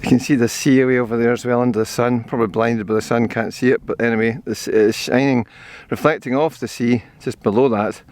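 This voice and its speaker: A man's voice: mid-range voice, steady tone, a little fast, darkish tone. An older man with a Scottish accent chatting casually to a handheld camera as he runs and walks along an outdoor forest trail, rambling cheerfully about the view. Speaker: vlogger. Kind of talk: casual walking and running commentary.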